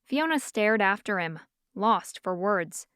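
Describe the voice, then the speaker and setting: A woman narrates a novel in steady, even storytelling. Her voice is smooth and clear at an ordinary pitch. The studio recording is completely dry. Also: slow pace, no room sound. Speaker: audiobook narrator. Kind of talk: scripted narration.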